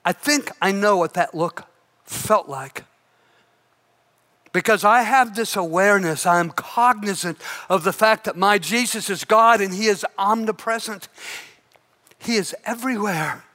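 Male pastor telling a story in a sermon, high-pitched, bright and sharp, dramatic. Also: a little slow. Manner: dramatic, drops to hushed intensity.

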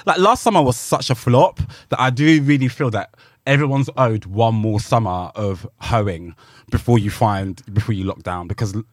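A man's voice: mid-range voice, normal speed, no room sound, studio quality. A man, co-hosting a podcast and chatting casually about his dating life, acting out what others said. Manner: chatty storyteller who acts out other people's lines. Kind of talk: casual chat.

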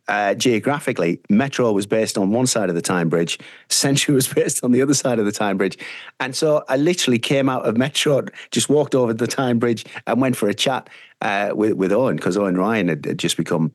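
Husky-toned Teesside man telling anecdotes. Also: lowish voice, a little fast, no room sound, studio quality. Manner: rambling, anecdotal, frequent fillers. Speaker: radio presenter, guest. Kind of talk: casual interview storytelling.

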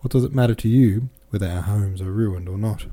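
A man's voice: fairly low pitch, a little fast, warm tone, no echo, natural voice. A man reading the lines of a bold male peasant ringleader who speaks scornfully and accusingly. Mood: defiant.

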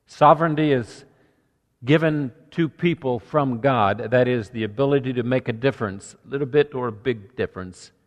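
Man preaching in a reverberant hall. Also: medium pitch. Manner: earnest, conversational preaching with numbered points. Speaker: pastor. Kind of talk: sermon.

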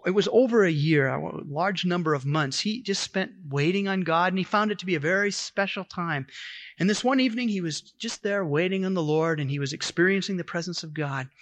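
A man's voice: a little high, fairly bright tone. A middle-aged man preaching a sermon in a conversational way, retelling stories with quoted dialogue.

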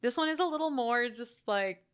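A young woman in casual chat about a film, animated and full of "like", sometimes swearing. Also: a little high, normal speed. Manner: animated, swearing, heavy use of "like", jumps into excited shrieks. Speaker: podcast co-host discussing a film.

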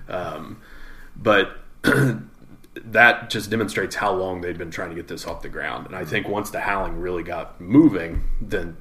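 Man, somewhat low voice, film trivia, relaxed chat. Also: measured pace. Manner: knowledgeable, relaxed trivia sharing. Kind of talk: casual film discussion.

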